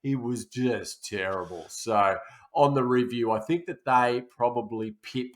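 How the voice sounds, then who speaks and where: A man's voice: mid-range voice, unhurried. Rambling man chatting. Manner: rambling, self-correcting banter. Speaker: podcast co-host. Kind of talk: casual chat.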